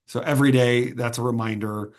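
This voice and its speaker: A man answers interview questions in an earnest, halting way, often restarting his sentences. His voice sits at an ordinary middle pitch. He talks like a stage performer telling a heartfelt story. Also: fairly even intonation, darkish tone. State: choked up. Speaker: interview guest, sword swallower and performer.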